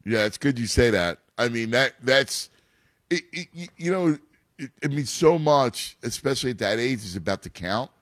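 A man's voice: mid-range voice, animated, moderate pace, a bit bright, no echo, studio quality. A man in a casual chat about his son's baseball, rambling with many restarts. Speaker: youth baseball father and coach.

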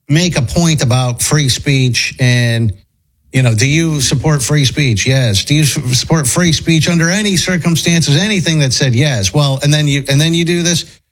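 Man, husky voice, lively pitch, casual commentary host, conversational. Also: poor audio. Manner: animated, conversational, thinks aloud with restarts.

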